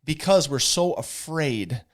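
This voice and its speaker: A man's voice: on the high side, lively intonation, slow pace. A man co-hosting a podcast, talking earnestly and preaching a little to his listeners, whom he calls y'all. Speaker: podcast co-host. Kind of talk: candid podcast conversation.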